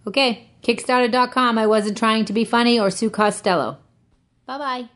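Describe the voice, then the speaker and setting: A woman from Boston with a softened Boston accent, hosting a casual podcast chat and telling stories in a lively, animated way. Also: on the high side, moderate pace, echoey room. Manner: animated, lively storyteller voicing quoted people. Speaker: podcast host. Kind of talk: casual chat and promo monologue.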